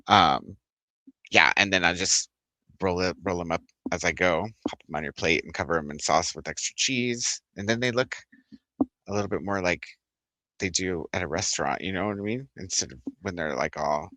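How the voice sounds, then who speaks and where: A man's voice: low voice, pushed and bright, dry recording. A man hosting a book club livestream, chatting casually, rambling, laughing often and reading out viewer comments.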